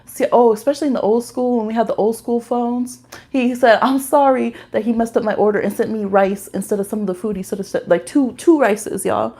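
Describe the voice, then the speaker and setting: A woman reading tarot on a casual livestream, soft and nurturing during the cards, then chatty and animated as she tells stories, laughing often and breaking into high squeals. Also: a little fast. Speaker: tarot reader.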